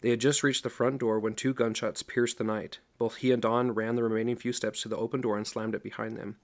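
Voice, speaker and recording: A middle-aged man reading a novel aloud as narrator, in a steady storytelling voice. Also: medium pitch, brisk. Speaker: audiobook narrator. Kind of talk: scripted narration.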